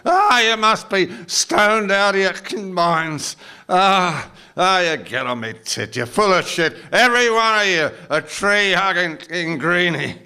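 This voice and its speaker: A man's voice: sits high, expressive, slow, clean tone, full character voice. An older man with an Australian accent playing a belligerent, drunk male larrikin in his seventies, heckling crudely in a performance poem. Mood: mocking. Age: 70s. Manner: slurred, abusive, shouty heckling. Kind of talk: performance poetry monologue.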